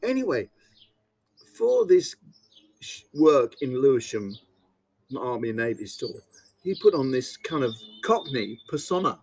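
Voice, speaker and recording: A man's voice: medium pitch, big pitch swings, a little slow, pauses often, a little mellow, husky, rough recording. A man interviewed in a casual chat, telling a rambling anecdote and chuckling often.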